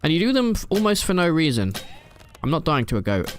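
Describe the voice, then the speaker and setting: A man's voice: on the high side, sing-song, quick pace, noisy background. Chatty man streaming a game. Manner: rambling, chatty, answering chat with fillers. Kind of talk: live gameplay stream chat. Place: his room at home.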